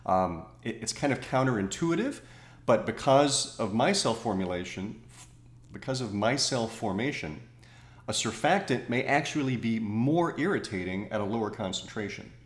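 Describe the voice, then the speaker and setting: A man's voice: medium pitch, expressive, moderate pace, reverberant. A man co-hosting a podcast, explaining cosmetic chemistry thoughtfully, correcting himself and slipping in jokes. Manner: thoughtful, self-correcting, jokey asides. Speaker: podcast co-host. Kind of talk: casual science chat.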